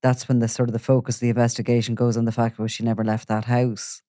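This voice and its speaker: A man's voice: mid-range voice, little pitch movement, fast talker, mellow, dry recording, clean studio sound. Man hosting a podcast discussion. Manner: asks questions, summarizing. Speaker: podcast host.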